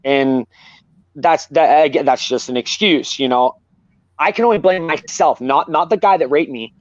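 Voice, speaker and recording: A man's voice: fairly high pitch, normal speed, no echo, dull audio. A man talking candidly and earnestly as a guest, rambling and repeating himself. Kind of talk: candid personal talk.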